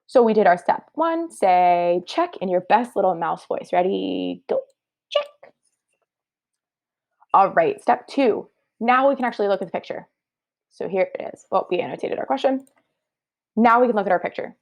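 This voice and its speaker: A woman teacher leads young kids through a math review with an upbeat, encouraging tone, thinking each step out loud. Her voice sits at an ordinary pitch and carries a lot of vocal fry. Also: animated, moderate pace. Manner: upbeat, encouraging, talks through steps aloud. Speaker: third-grade teacher. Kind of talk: online math review lesson.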